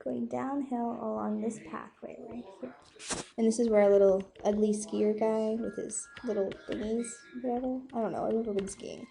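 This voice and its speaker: A young woman math teacher gives a chatty whiteboard lesson, joking self-deprecatingly about her drawings and often asking "okay?" Her voice sits on the high side, steady, gravelly and warm, at a moderate pace.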